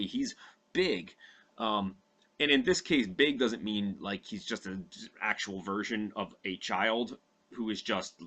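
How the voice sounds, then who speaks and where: Rambling, profane man with a bright voice. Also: fairly low pitch. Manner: rambling, profane, many fillers. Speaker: podcast host recounting a movie from memory. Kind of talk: casual comedic retelling.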